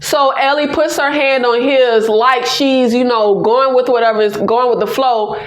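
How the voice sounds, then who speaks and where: A woman recapping a TV episode in an excited, casual way, exclaiming and laughing as she addresses viewers directly. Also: fairly high pitch, normal speed, roomy sound. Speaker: TV episode reviewer.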